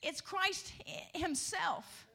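High, bright-voiced woman preaching. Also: extremely slow, gravelly. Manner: rising to shouted emphasis, calls of hallelujah; conversational asides to the congregation. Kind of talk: sermon.

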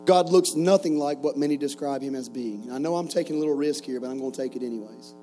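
A man's voice: medium pitch, fast, music in the background, low-quality recording. A man in his forties preaching to a camp group, telling stories with jokes and rhetorical questions. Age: 40s. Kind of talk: sermon with stories.

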